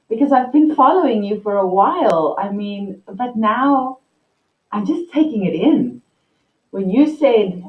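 A woman hosting an interview on a video call, enthusiastic and emotionally open as she shares her own experience. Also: mid-range voice. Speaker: host. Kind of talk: conversational interview. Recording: echoey distant muffled sound.

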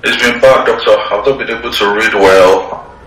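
A man's voice: fairly low pitch, fairly even intonation, moderate pace, echoey room, far from the mic, noisy background, natural voice. A man playing a worried 35-year-old male patient in a mock medical exam, giving short plain answers. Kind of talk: exam role-play.

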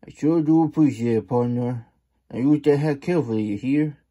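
A man voicing a fast-talking, smooth-tongued male coyote courier in a storybook reading, with wheedling, salesman-like folksy patter. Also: mid-range voice, mellow, muffled recording, voice pushed up, natural voice. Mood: persuasive.

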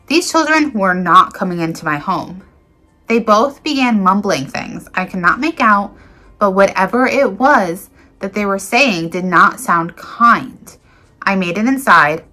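A woman's voice: mid-range voice, pushed and bright. A woman reading viewers' paranormal encounter stories aloud in an earnest, dramatic way, with small slips and restarts.

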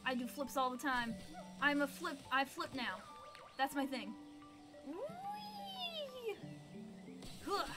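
This gaming video host sounds high-pitched and talks at a normal speed with fairly even intonation. Bubbly and prone to frequent squeals and exclamations, the young woman keeps up playful commentary on her game while game music plays.

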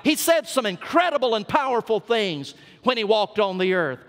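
A man's voice: high voice, very animated, moderate pace, fairly bright tone. A man with a South Georgia Southern accent preaching a sermon as senior pastor, folksy and emphatic, drawing out his punch lines. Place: church sanctuary. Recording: long church reverb.

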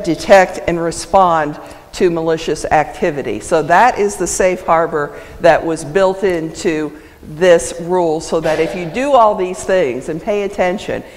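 A woman presenting a legal ethics lecture at a symposium, lively and emphatic, laughing often. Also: fairly low pitch. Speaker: conference speaker on legal ethics. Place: lecture hall. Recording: reverberant hall sound.

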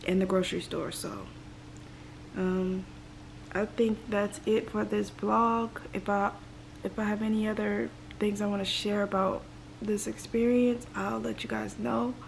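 Sick, creaky-voiced young woman vlogging. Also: medium pitch, darkish tone, a little hiss or hum. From Los Angeles, United States. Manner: rambling, talks in reported thoughts. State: sick and congested, emotional. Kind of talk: casual vlog talk.

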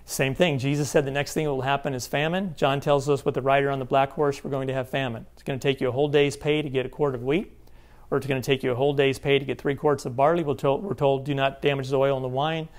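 A man's voice: medium pitch, little pitch movement, fast talker. A man giving an emphatic Bible teaching seminar, often checking in with his listeners. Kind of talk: sermon-style seminar teaching.

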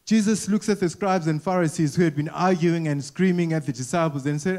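Preacher guy, bit high voice, chatty sermon, keeps repeating words, quizzing the church crowd. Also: a little fast, a little mellow. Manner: repeats words, asks the congregation questions. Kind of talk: conversational sermon. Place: church, before a congregation. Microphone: wearing a mic.

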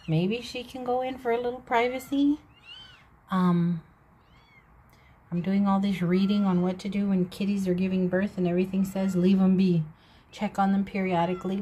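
A woman's voice: medium pitch, dark tone, a little hiss or hum, rough recording. A woman vlogging casually from her backyard, talking soothingly to a cat giving birth and chatting to her viewers. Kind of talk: casual vlog talk to viewers. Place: backyard outdoors. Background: cats meowing.

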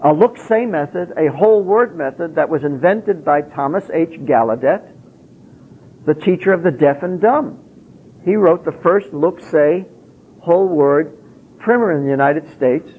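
A man's voice: a little high, expressive, unhurried, slightly rough. A man giving an emphatic public lecture, posing rhetorical questions and answering them himself. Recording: tinny lo-fi phone-like recording.

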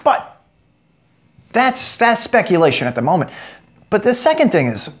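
A man's voice: high-pitched, wildly swooping pitch, moderate pace. Sarcastic American man commentating. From United States. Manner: sarcastic, joking asides. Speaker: political commentator. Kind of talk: commentary vlog.

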